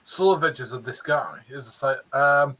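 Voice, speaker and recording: A man's voice: mid-range voice, normal speed, sharp tone, rough recording. A man co-hosting a casual TV review chat, blunt in his opinions and often restarting his sentences. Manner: blunt, restless, full of restarts. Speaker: co-host of a TV review show.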